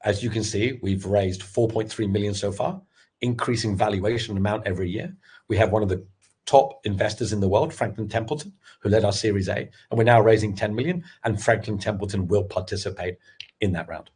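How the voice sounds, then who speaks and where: A middle-aged man giving a candid, animated webinar talk on pitching, full of restarts as he tells his story. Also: brisk, husky. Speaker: sales expert and former startup founder.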